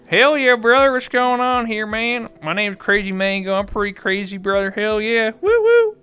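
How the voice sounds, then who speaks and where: A man putting on a loud hillbilly voice for a joke. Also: high voice, lively intonation, moderate pace, smooth, pitched above the performer's own voice. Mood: rowdy. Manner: hollering, rowdy. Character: loud hillbilly man calling everyone brother.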